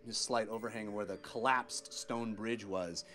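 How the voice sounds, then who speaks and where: A man's voice: on the low side, fairly even intonation, measured pace, bright, forceful tone. A man running a tabletop game as game master, giving vivid, descriptive narration full of small restarts.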